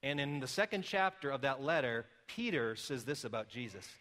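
Bright-voiced preaching man. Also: mid-range voice, lively intonation, moderate pace. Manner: builds from quiet explaining to loud emphatic calls. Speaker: pastor. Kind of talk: sermon.

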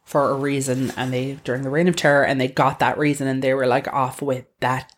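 A woman's voice: extremely low pitch, level tone, a little fast. A woman co-hosting a podcast in casual chat, rambling through tangents with lots of fillers. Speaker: podcast co-host.

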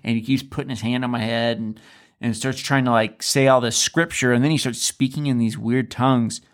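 A man in a relaxed podcast conversation, telling his story in an easy, mid-pitched voice. He slips into quoted lines to act out what others said, keeping a casual, conversational flow. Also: a little fast. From Alaska. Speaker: podcast co-host.

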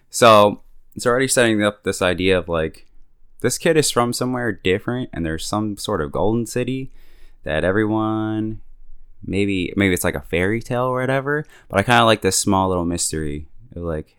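A man's voice: fairly low pitch, expressive, normal speed, fairly bright tone, smooth, no echo, studio quality. A young man casually recapping a TV episode in slangy talk, chuckling now and then and acting out the characters' lines. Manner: laid-back, slangy, chuckles often, acts out characters' lines. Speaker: podcast host recapping a show. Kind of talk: casual chat.

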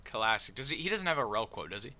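A man's voice: mid-range voice, sing-song, fast talker, pushed and bright. A man hosting a casual podcast chat, loose and joking, full of fillers and playful asides. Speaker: podcast host.

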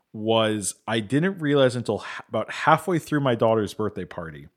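A man co-hosting a podcast, telling a rambling story with plenty of "you know". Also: mid-range voice. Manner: chatty, rambling, many "you know" fillers. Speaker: podcast co-host. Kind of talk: casual chat.

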